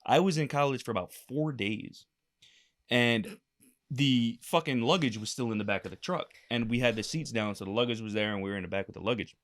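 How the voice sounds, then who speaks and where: A young podcast co-host with a medium-pitched voice talks fast in a casual storytelling chat. He's an animated storyteller who swears freely and acts out quotes.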